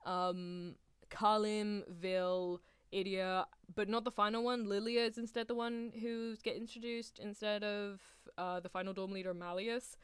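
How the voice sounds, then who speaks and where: A woman streaming a live anime reaction, gushing and excitable, laughing often and swinging between loud cries and hushed near-whispers. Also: medium pitch, unhurried, clear, resonant tone, no room sound, clean studio sound. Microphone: headphones on while streaming.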